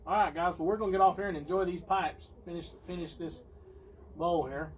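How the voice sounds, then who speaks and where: A laid-back man with a slightly high voice hosts a relaxed porch chat in a folksy drawl. He sounds set back from the mic, with a faint outdoor hum behind him. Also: a little fast, far from the mic, low-quality recording. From Tennessee. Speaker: host. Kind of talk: casual chat.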